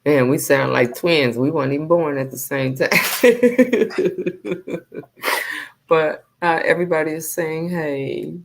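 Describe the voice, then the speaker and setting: A woman's voice: sits low, slow pace, gravelly. A woman hosting a casual live chat, talking in a heartfelt way and often repeating her phrases. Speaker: livestream host.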